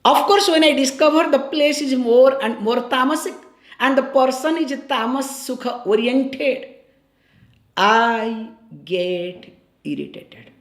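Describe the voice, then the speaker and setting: Woman, spiritual teacher, high voice, conversational discourse, repeats key phrases, echoey room. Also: slow pace. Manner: conversational, checks in with listeners. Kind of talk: scripture discourse.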